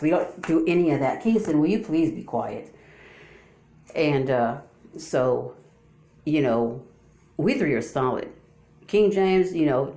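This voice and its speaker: A woman's voice: extremely low pitch, a little mellow. Woman YouTuber, unscripted and repetitive, stammers through rhetorical questions to her viewers. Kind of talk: casual unscripted monologue.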